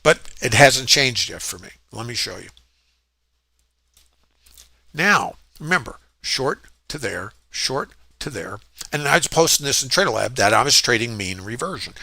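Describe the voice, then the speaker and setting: Man as trading educator, bright voice, dry close mic, thinking aloud with restarts. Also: mid-range voice, animated, moderate pace, creaky, long pauses, no echo. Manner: reflective, stresses points, many fillers and restarts. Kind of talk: screen-share trading walkthrough.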